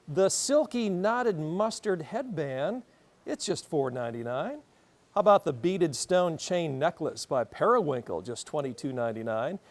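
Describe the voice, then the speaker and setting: A man hosting a local television segment, reading off products and prices in an upbeat, salesy patter. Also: fairly high pitch. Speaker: host.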